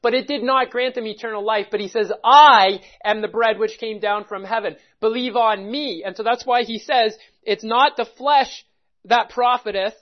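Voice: medium pitch, normal speed. A preacher giving a verse-by-verse Bible teaching, speaking in an emphatic, methodical way and stopping to stress key words. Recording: dull lo-fi recording.

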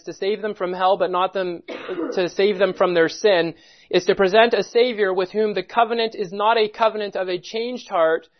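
A man's voice: sits high, highs cut off. A man preaching a sermon, earnest, quoting scripture in old-style English. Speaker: pastor.

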